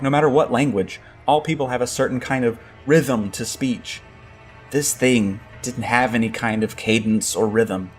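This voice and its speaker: A man reading a first-person horror story aloud in a steady storytelling tone. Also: mid-range voice. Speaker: narrator. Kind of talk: scripted narration of a horror story.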